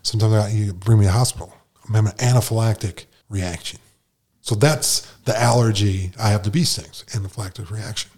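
A man's voice: fairly low pitch, a little fast, a little mellow. A man sharing his personal recovery story at a meeting in a casual storytelling way, acting out the conversations he retells. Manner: casual storyteller who acts out dialogue with "I'm like" and "she's like".

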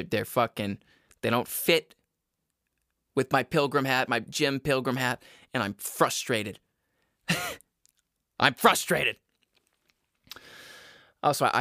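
A man's voice: medium pitch, fairly bright tone, no echo, studio quality. A young man hosting a podcast, talking in a casual, exasperated rant with swearing and frequent laughs. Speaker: podcast host. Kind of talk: casual ranting monologue. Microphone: headphones.

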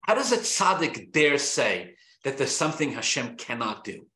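A man, a rabbi teaching a Torah class, speaking in an animated, emphatic way with rhetorical questions and frequent restarts. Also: medium pitch, normal speed. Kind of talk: lecture-style Torah class. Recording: roomy echo.

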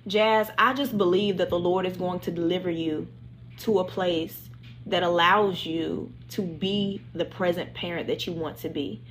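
A woman's voice: on the low side, steady tone, a little slow, a little hiss or hum. Impassioned woman leading a Bible study. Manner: impassioned, repetitive preaching with prayer. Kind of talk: livestream Bible study teaching.

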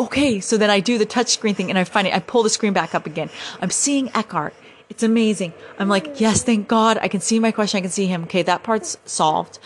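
A young woman hosting a podcast, telling a story in a casual, animated way and acting out her own reactions. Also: mid-range voice, a little hiss or hum. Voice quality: animated, breathless retelling with quoted reactions. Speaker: podcast host.

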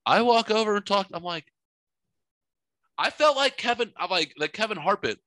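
A middle-aged man with a bright, forward voice tells a rambling story full of swearing. He talks animatedly in a casual podcast chat, and the sound is close and dry. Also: sits high, lively intonation, moderate pace, no echo. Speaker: podcast host. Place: home studio.

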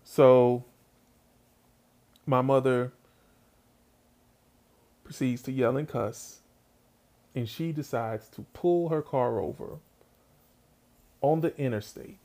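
Man, gravelly voice, casual comic storytelling, slangy and chatty, speaks straight to the listener. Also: medium pitch, steady tone, slow pace, long pauses, darkish tone.

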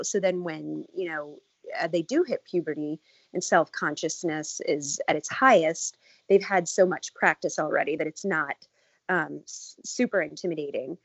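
A woman's voice: lowish voice, creaky, no room sound. A woman expert talking conversationally about children's fear of public speaking. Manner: conversational, uses fillers like "you know". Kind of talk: interview answers. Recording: dry, dull lo-fi audio.

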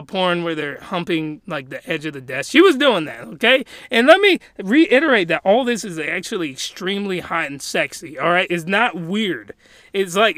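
A man excitedly recapping a story in casual chat, laughing and rambling with many restarts. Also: high-pitched, no room sound, studio quality. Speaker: video commentator.

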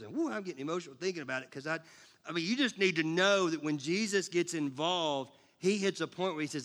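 Lively man preaching a sermon. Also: a little high, quick pace. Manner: animated, jokey, conversational preaching. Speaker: pastor.

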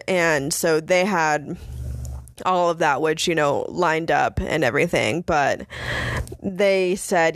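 A woman's voice: low-pitched, unhurried, no room sound. A young woman hosting a podcast, casually telling rideshare stories in a blunt, sarcastic way and swearing freely. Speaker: podcast host and rideshare driver. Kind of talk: casual storytelling monologue.

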